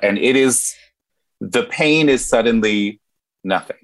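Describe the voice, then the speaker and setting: A man narrating his own character in a tabletop game, with slow, halting, in-character narration. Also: mid-range voice, fairly bright tone. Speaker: player.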